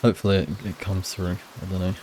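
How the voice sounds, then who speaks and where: A man's voice: deep voice, level tone, fast, a little mellow, slight background noise. A man commentating a game playthrough, blunt and self-deprecating, swearing freely. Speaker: gaming streamer. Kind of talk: let's play commentary.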